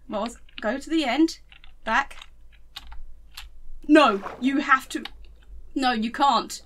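A woman's voice: high-pitched, a bit bright, a little hiss or hum. A young woman giving chatty, giggly gaming commentary, rambling and talking to herself as she plays. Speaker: gaming channel host.

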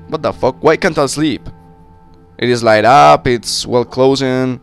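A man casually commentating his game, excitable and swearing, yelling at monsters, slightly sick with a cracking voice. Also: medium pitch, normal speed, gravelly, soft background music. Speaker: gaming channel host. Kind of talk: casual Minecraft let's-play commentary.

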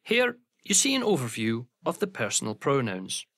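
Man, language teacher, scripted lesson, careful example phrases, lively varied pitch. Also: no echo, studio quality. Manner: slow, careful pronunciation examples with lively intonation.

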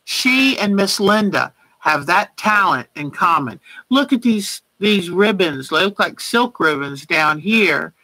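A woman's voice: fairly low pitch, expressive, slow pace, hardly any pauses, pushed and bright, husky, no room sound, poor audio. A woman hosting a casual quilting livestream, chatty and gushing with praise as she shows viewers' work by name. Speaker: quilting show host. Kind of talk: casual livestream show-and-tell.

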